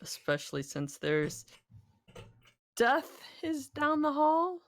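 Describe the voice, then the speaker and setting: A woman player in a tabletop game, speaking slowly and thoughtfully in casual talk. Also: high-pitched, big pitch swings.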